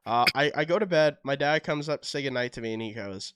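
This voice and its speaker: A young Canadian man co-hosts a podcast and tells stories with lively energy, acting out what people said. His voice is smooth and clear, and it sits close to a dry microphone. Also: medium pitch, fast, no echo. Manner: animated storytelling, acts out quotes. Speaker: podcast co-host. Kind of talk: casual chat.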